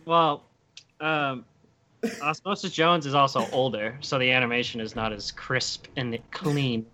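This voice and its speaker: A man's voice: medium pitch, fairly even intonation, a little slow, pushed and bright, a little hiss or hum. A man co-hosting a casual podcast chat, talking offhand with plenty of fillers.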